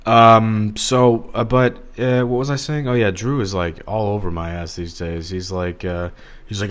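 A man's voice: on the low side, moderate pace. A man hosting a solo podcast, talking in a rambling, digressive, casual way with lots of fillers. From Los Angeles area. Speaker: podcast host.

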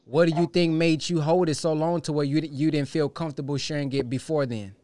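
A program host interviewing a guest, asking gently probing questions. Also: medium pitch, steady tone, fairly quick, no room sound.

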